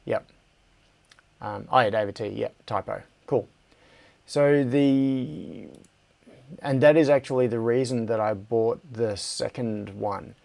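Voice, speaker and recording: An Australian man hosts a relaxed livestream from his workshop, reading viewer comments aloud between his own musings. He speaks slowly at a middle pitch, often trailing off mid-sentence and laughing to himself. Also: gravelly. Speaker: livestream host.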